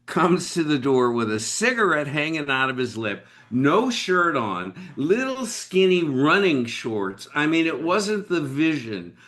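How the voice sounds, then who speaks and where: Animated older male business storyteller. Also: a little slow, hardly any pauses. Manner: animated storyteller with big pitch swings. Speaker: guest, business leader. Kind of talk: storytelling interview.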